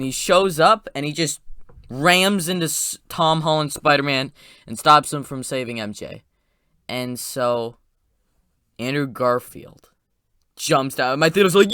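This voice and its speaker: Bright, excited young-sounding male reviewer. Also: mid-range voice, smooth, no room sound, clean studio sound. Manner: excited, rambling retelling with quick asides. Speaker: movie reviewer. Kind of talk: casual spoiler review recap.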